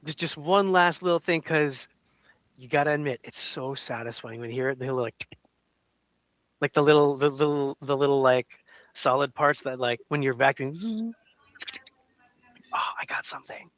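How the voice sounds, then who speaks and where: Man, bright, rambling with fillers, dry dull lo-fi mic. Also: mid-range voice, normal speed, no echo. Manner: rambling, hesitant, many fillers. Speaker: radio show co-host. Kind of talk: casual game-show banter.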